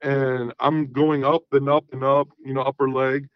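A podcast guest with a medium-pitched voice tells a story casually at a moderate pace, profane and animated, acting out the quoted dialogue. The sound is dull and dry, with no room sound.

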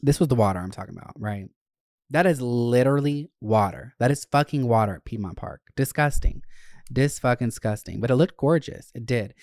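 A young man hosts his podcast, telling a casual story in a loose, animated way. His talk is chatty and full of swearing. The recording is dry, with no room echo. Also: mid-range voice, a little fast. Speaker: podcast host.

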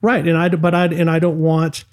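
A man's voice: on the high side, monotone, fairly quick, clean tone. A middle-aged man, a former motocross champion, telling stories casually in an interview, with frequent restarts and acted quotes. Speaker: podcast guest, former motocross and off-road truck champion.

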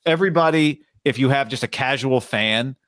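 A man's voice: mid-range voice, moderate pace, fairly bright tone, dry recording. A male sports talk host with a mid-range voice, chatting casually and with energy. He now and then jumps into playful impressions of broadcasters. The sound is dry and close, with no room around it.

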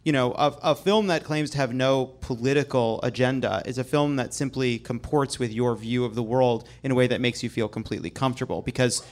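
A man hosting a comedy show, making an argumentative point that builds quickly. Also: medium pitch. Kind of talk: comic commentary.

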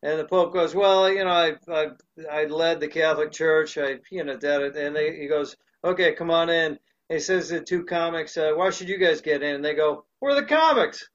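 A man's voice: a little high, steady tone, brisk, highs cut off. A man in casual chat, telling jokes and stories as a comedian guest. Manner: jokey storytelling.

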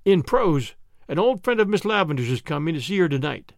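A man's voice: a little high, sing-song, brisk, gravelly, no room sound, clean studio sound. A man reading an audiobook, voicing a dreamy, romantic young woman who speaks in earnest, storybook phrases.

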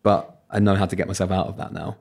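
A man's voice: low voice, fairly even intonation, fast, vocal fry, a little mellow. A British man and radio presenter, a guest in a casual interview, talking candidly and telling self-mocking stories.

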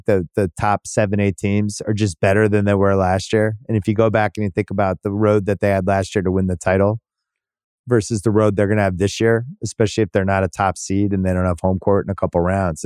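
A man's voice: fairly low pitch, a little mellow, no echo, clean studio sound. A man hosting a sports podcast, thinking aloud in casual chat with restarts and the odd swear. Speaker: podcast host.

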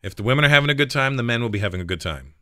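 A man tells stories as a comedy guest in a radio studio, his pitch leaping up and down as he acts out the people in his anecdotes. The studio sound is close and dry, with no room echo. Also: rapid-fire. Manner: animated storyteller acting out voices in his anecdotes. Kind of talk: casual radio interview storytelling. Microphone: studio microphone.

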